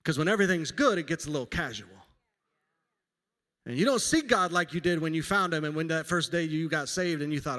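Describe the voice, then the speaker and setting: A man's voice: a little high, lively intonation, fast, a bit bright. A man in his forties preaching a sermon in a church, talking in a conversational, self-deprecating way and weaving in personal stories. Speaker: pastor. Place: church sanctuary. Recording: long hall reverb.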